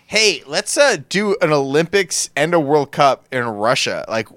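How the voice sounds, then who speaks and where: A man co-hosting a podcast in casual chat, animated and rambling, with many filler "like"s, on a close microphone. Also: mid-range voice, clear, resonant tone, no room sound. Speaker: podcast co-host.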